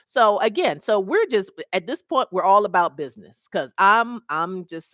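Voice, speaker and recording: Animated woman telling a work story to webcam. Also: medium pitch, moderate pace, few pauses, dry recording, studio quality. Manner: animated, acts out the people in her story. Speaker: mobile notary mentor. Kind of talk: casual storytelling vlog.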